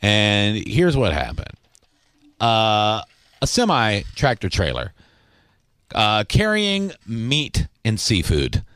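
A man's voice: on the low side, wildly swooping pitch, slow pace, fairly bright tone, clean tone, no room sound. Chatty man hosting a morning show. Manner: conversational storytelling with fillers. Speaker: radio show host. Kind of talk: casual morning-show banter.

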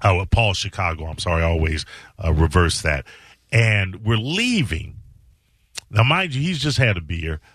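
Joking talk-show host, bright forceful voice. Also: male voice, sits low, sing-song, normal speed, breathy edge, dry recording. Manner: joking, self-mocking storyteller. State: losing his voice. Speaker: podcast host. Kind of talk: casual chat.

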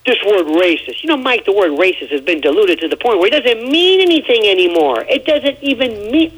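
A man on a radio talk show giving his opinions in an emphatic, rambling, animated way. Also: high-pitched, fairly quick, slight background noise, poor audio. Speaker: radio commentator.

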